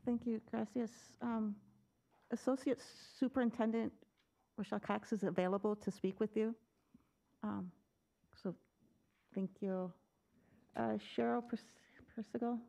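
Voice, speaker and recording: A woman chairing a school board meeting, speaking softly and hesitantly as she calls the next speaker. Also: a little high, steady tone, a little slow, gravelly, pauses often. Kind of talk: meeting procedure.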